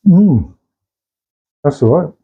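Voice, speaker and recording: A man chatting casually as he brews and pours his own beer in a home bar shed, relaxed and asking tag questions. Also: a little high, slow pace, slightly rough, narrow, tinny audio. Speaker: home brewer. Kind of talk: casual how-to chat. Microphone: camera mic, held by a helper.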